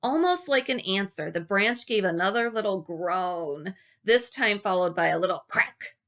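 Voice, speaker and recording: A woman reading a children's book aloud, telling the story in an expressive, unhurried way. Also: fairly low pitch. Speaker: reader.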